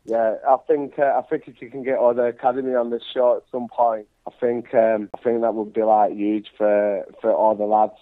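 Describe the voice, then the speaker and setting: A man's voice: medium pitch, level tone, brisk, hardly any pauses, no room sound. Man on a tinny phone line. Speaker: wrestler guest. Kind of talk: phone-in radio chat.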